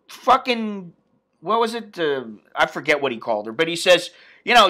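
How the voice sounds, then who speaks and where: American man vlogger, profane and blunt, ranting casually in a bright voice. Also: on the high side, big pitch swings, normal speed. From United States. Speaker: expat vlogger. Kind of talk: casual vlog rant.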